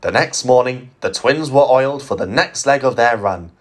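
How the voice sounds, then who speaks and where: A man narrating a fan-made storybook tale in an expressive storytelling voice. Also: mid-range voice, moderate pace.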